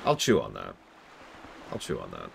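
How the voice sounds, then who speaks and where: Deep-voiced man streaming a game review. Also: wildly swooping pitch, moderate pace, creaky, noisy background. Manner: rambling, joking, self-deprecating asides; talks to chat while playing. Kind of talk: live-stream commentary.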